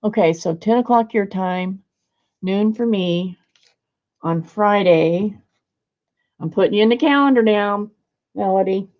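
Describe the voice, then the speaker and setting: A woman's voice: mid-range voice, normal speed, muffled recording. A woman hosting a casual crafting video from her home studio, chatting and muttering to herself as she works. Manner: mutters and whispers to herself while working. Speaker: crafting channel host. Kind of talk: casual crafting chat while working.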